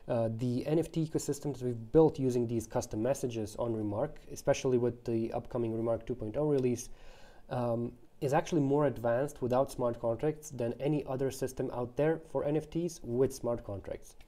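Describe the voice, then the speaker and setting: Man, mid pitch, very dark warm timbre; founder explaining his tech with analogies, casual fillers and restarts. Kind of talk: explanatory talk to camera.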